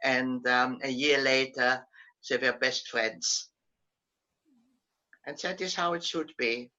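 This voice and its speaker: A woman in her nineties, a Holocaust survivor, tells her story on a video call, pausing often with um and restarting her sentences. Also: very deep voice, fairly even intonation, pushed and bright. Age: 90s. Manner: unhurried storytelling with frequent um and restarts. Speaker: Holocaust survivor giving testimony. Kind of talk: spoken testimony over video call. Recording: muffled video-call audio.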